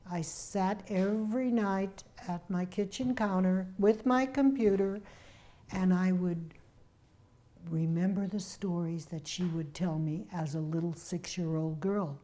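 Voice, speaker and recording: An older woman and memoir author telling her family's story in an animated way, acting out the people she quotes. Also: fairly low pitch, a little slow. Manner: animated, acts out quoted voices. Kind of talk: personal storytelling.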